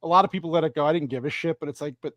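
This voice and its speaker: A man's voice: fairly high pitch, very fast, fairly bright tone, no room sound, lo-fi sound. A young man hosting a live stream, giving rambling, profane commentary on a movie and laughing often. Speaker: streamer host. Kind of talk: casual movie watch-along commentary.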